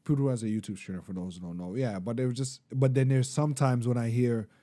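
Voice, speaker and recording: Dude on a podcast, mellow tone, animated, does little voices for quotes. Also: male voice, fast talker. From Canada. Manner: animated storytelling, acts out quotes in higher voice. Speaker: podcast co-host. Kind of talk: casual chat.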